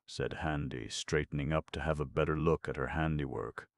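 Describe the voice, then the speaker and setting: A man narrating an audiobook with steady storytelling. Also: a bass voice, normal speed, vocal fry, few pauses, no echo, clean studio sound. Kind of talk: scripted narration.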